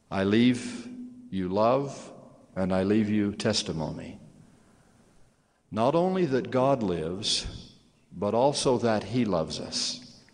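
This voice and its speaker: An older man giving a sermon as a church leader, speaking slowly with solemn, emphatic testimony. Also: lowish voice. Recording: long hall reverb.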